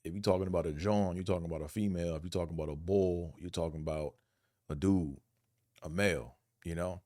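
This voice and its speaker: Man host from Buffalo, Buffalo accent, low-pitched, rambling profane monologue, dry close sound. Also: steady tone, fast, dark tone, dry recording. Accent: Buffalo, New York. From Buffalo, New York. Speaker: vlog host. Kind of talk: casual monologue.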